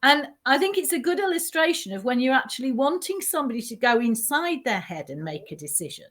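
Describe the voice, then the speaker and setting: A woman trainer talking things through in a relaxed conversation. Her voice sits fairly high and swings widely in pitch. She tells her points like stories, laughs easily and doubles back mid-sentence. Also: brisk. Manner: animated, self-interrupting storyteller who laughs often. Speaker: teaching trainer. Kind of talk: conversational explanation.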